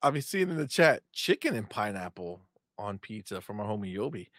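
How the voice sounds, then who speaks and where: A man's voice: lowish voice, big pitch swings, brisk, fairly bright tone, no echo, clean studio sound. A man co-hosting a casual podcast chat, laughing along, exclaiming and asking questions. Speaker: podcast co-host.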